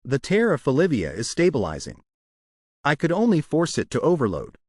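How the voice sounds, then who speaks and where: A man voicing a menacing male dark mage in a recap of a comic, read in a steady, matter-of-fact way. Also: a little high, moderate pace, no room sound, studio quality. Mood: grim.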